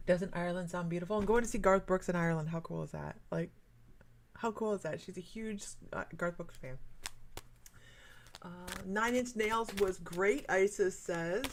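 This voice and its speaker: A woman's voice: on the low side, vocal fry, a little hiss or hum. Chatty woman hosting a livestream. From Michigan, USA. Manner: chatty, greets viewers by name, laughs easily. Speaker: psychic medium livestream host. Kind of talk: casual livestream chat.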